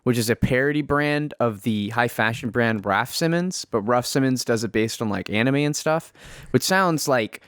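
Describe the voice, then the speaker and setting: A young man in his twenties chats casually on a podcast, rambling with a lot of "like" and stopping to correct himself. His voice is smooth and clear at a middle pitch. The mic is close and dry. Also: moderate pace, a bit bright, dry recording. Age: 20s. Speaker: podcast co-host. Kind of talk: casual chat.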